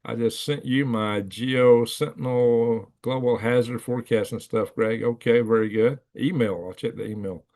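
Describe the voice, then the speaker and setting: A man's voice: medium pitch, steady tone, normal speed, hardly any pauses, a little mellow. A middle-aged man, hosting a livestream, rambling casually and chuckling as he acts out the voices in his stories. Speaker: livestream host. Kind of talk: casual storytelling to live chat.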